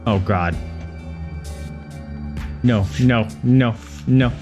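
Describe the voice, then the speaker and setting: A man's voice: mid-range voice, moderate pace, pauses often, darkish tone, soft background music. A man commentating a horror game in a panic, swearing and repeating words in frantic bursts. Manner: swears and yelps at scares. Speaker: gaming video host. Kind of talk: frightened let's-play commentary.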